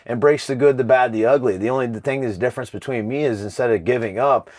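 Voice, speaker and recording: A man's voice: mid-range voice, quick pace, darkish tone. A man from Iowa, a professional fighter and podcast guest, talking in earnest casual chat, swearing a lot and calling the listener "bro" constantly. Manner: earnest, confessional storytelling.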